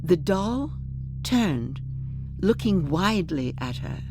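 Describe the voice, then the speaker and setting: A woman reading a short story aloud in a measured, expressive storytelling manner. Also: fairly low pitch, music in the background. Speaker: audiobook narrator.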